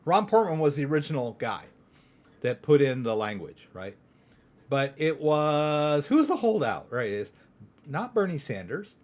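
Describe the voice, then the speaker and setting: A man's voice: fairly high pitch, very animated, a little slow. A middle-aged man from Texas hosting a live crypto Q&A stream, chatty and rambling, often tagging his points with "right?". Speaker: crypto channel host.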